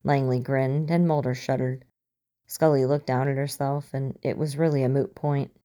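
Low-voiced woman reading a story. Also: flat delivery, moderate pace, warm tone. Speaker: narrator. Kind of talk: fan fiction audiobook reading.

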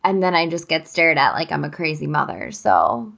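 A woman's voice: sits low, very animated, normal speed, gravelly, fairly bright tone. A woman in her thirties, a podcast co-host, chatting casually and candidly, swearing freely and laughing often. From upstate New York. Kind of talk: casual chat.

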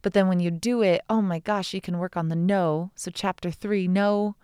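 A woman's voice: fairly low pitch, steady tone, moderate pace, a little mellow, clean tone, dry recording, studio quality. A woman in her thirties hosting a solo podcast, talking in an enthusiastic, heartfelt, rambling way. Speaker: podcast host. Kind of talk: casual solo podcast talk.

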